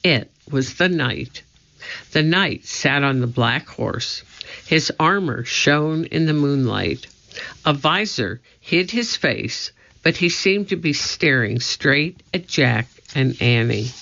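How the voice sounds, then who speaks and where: An audiobook narrator giving a measured, deliberate storybook reading on a dull lo-fi recording. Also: medium pitch, animated, gravelly, sharp tone.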